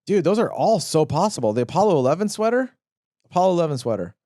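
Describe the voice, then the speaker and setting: A man's voice: on the high side, very animated, fast, dark tone, no echo, studio quality. A man co-hosting a comedy podcast, riffing in casual banter, self-mocking and slipping into silly voices. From Southern California.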